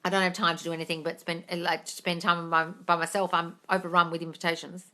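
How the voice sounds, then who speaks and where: Woman host on a phone live stream, blunt and brassy, bright cutting voice, swears, calls everyone darling. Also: on the low side, level tone, fast talker. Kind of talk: casual live chat reading viewer questions. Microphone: phone mic on a live stream.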